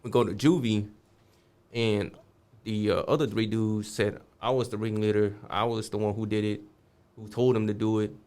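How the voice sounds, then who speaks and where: A man's voice: lowish voice, level tone, normal speed, a little mellow, clean tone. A man guest on a podcast, telling a street story casually, swearing freely and acting out the voices of the people in it.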